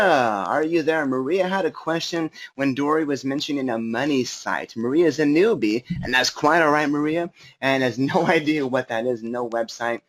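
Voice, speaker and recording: A man's voice: a little high, a bit bright. Upbeat chatty man. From Southern California. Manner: upbeat, chatty, many fillers. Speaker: webinar coach. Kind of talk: live webinar Q&A.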